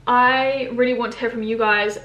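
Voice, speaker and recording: A young woman with a somewhat high voice talks through viewer questions in a casual vlog. She is candid and emphatic, rambling along with lots of fillers. The sound is roomy and echoey. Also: steady tone, moderate pace, pushed and bright, highs cut off. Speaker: YouTuber answering viewer questions. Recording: roomy echo.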